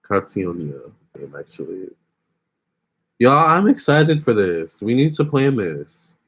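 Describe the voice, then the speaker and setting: A man's voice: medium pitch, very animated, takes it slowly, a bit bright. A young man hosting a casual phone livestream, chatting with viewers and reading their comments aloud. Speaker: livestream host.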